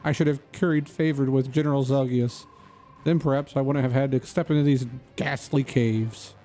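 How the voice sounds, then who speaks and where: A man's voice: mid-range voice, steady tone, normal speed, dark tone, faint music behind, natural voice. A man reading the lines of a cowardly, pompous enemy commander from a video game in a whiny, put-upon way. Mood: whining.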